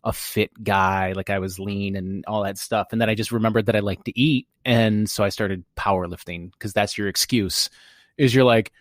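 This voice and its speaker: Low-voiced joking man, dry sound. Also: steady tone, normal speed, no echo. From United States. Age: 40s. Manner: jokey and self-deprecating, chatty with lots of restarts. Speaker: podcast host. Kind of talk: casual podcast chat.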